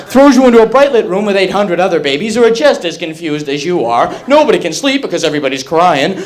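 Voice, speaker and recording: A young male stand-up comic races through his set in a slightly high voice, at a clipped, breathless pace. He is from Massachusetts and keeps the delivery wry and rapid-fire. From Massachusetts, USA. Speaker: stand-up comedian.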